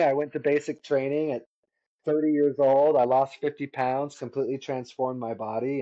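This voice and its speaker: A man's voice: mid-range voice, mellow. A man in his thirties, a guest musician telling stories casually and laughing often. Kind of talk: casual storytelling. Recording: dull lo-fi sound.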